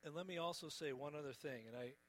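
Gentle earnest preacher guy, pleading, goes soft on the big words, bit of hum behind. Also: a little high, quick pace, low-quality recording. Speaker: pastor. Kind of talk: sermon.

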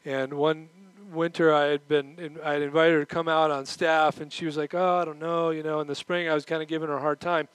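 A middle-aged man preaching a sermon, animated, acting out the voices he quotes. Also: a little high, a little fast, hardly any pauses, clear, resonant tone, no room sound, poor audio. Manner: moves around while preaching. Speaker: pastor.

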